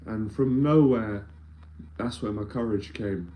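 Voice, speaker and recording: Earnest man, low mellow voice. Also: slow. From London, England. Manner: earnest and emphatic, repeating phrases as he builds a point. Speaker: anxiety mentor. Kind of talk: live-streamed talk with viewer questions.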